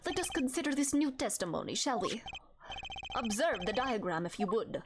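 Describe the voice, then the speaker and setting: Brief: a woman playing a grandiose young male student witness, German accent, high and swooping, loud game music under. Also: big pitch swings, moderate pace, background noise. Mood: pompous. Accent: put-on German. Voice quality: grandiose, theatrical.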